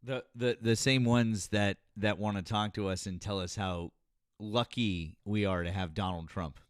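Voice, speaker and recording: A man's voice: on the low side, fairly even intonation, unhurried, clear, resonant tone, no echo, clean studio sound. A man hosting a casual call-in live stream, jokey, profane and self-mocking. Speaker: host.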